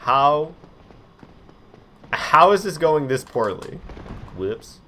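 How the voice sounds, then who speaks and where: A young man chatting through a live game stream, quick to get frustrated and poking fun at himself. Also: on the high side, very animated, sharp tone, slight background noise. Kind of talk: casual live-stream commentary.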